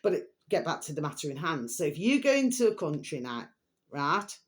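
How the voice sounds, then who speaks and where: A woman's voice: deep voice, big pitch swings, brisk. A woman ranting to her viewers in a vlog, swearing heavily and rambling with constant fillers. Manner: swears heavily, keeps calling viewers her delicious little babies; rambling, filler-laden, repeats "okay" and "there we are". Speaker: video blogger.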